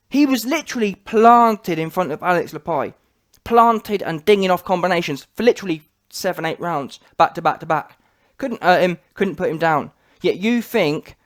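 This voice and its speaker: High-voiced man ranting emphatically. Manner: emphatic, fires rhetorical questions and repeats points. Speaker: boxing commentator on his own channel. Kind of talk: opinionated reaction rant.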